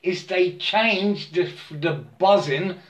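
A man talking in a rambling spiritual monologue, stammering, repeating himself and often checking in with his listener. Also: high-pitched. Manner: halting and repetitive, stammers and keeps asking "yeah?". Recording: roomy echo.

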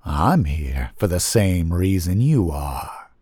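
Man doing a soft hazy sinister entity. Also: low-pitched, big pitch swings, breathy edge, no echo, studio quality, voice pushed down, exaggerated voice. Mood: menacing calm. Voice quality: soft, hazy, slow menacing delivery.

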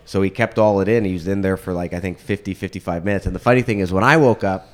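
A man in casual conversation, telling a personal story in an animated way and laughing often. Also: sits low, fast talker. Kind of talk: casual chat.

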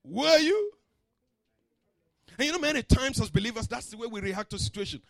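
A man preaching a sermon to a church congregation, dramatic and full of story voices, dropping to a hush and rising to shouts. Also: very high-pitched, racing, no echo. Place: church service.

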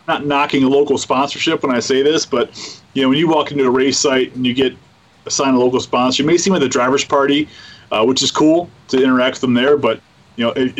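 A man hosting a casual chat about boat racing, talking in halting starts and repeating his words. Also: medium pitch. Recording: slightly muffled audio.

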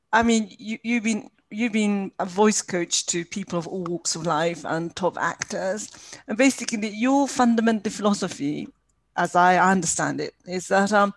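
A woman's voice: medium pitch, dry recording, low-quality recording. A woman interviewer asks her questions hesitantly, feeling her way with fillers. Her voice sits mid-range and sounds dry and close. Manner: hesitant, inquisitive, laughs lightly.

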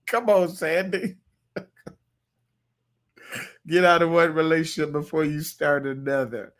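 Folksy pastor chatting with online viewers. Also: male voice, a little high, measured pace, pauses often. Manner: loose, folksy, playful, with sudden loud bursts. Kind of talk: livestream sermon talk reading viewer comments.

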